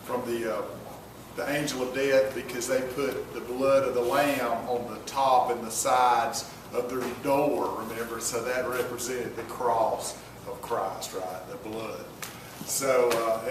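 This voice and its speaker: A man's voice: medium pitch, slow, slight background noise. A man preaching informally, retelling a story in a folksy, rambling way with many restarts and asides to the listeners. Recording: very echoey room, mic far off.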